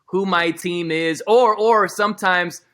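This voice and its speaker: A man guesting on a sports talk show, animated, opinionated and jokey. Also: high-pitched, measured pace.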